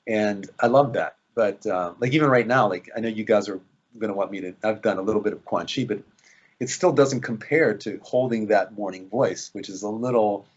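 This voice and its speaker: A man's voice: on the low side, a little fast, slightly rough, highs cut off. A man, an actor, chatting in an interview, rambling with lots of fillers and restarts. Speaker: actor guest. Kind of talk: casual interview chat.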